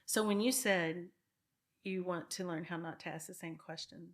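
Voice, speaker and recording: A woman's voice: lowish voice, fairly even intonation, normal speed. A woman in her fifties, a guest in an interview, talking in an earnest, reflective way with some restarts. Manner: earnest, reflective, with frequent restarts and soft laughs. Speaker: guest, real estate broker. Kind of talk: casual interview talk.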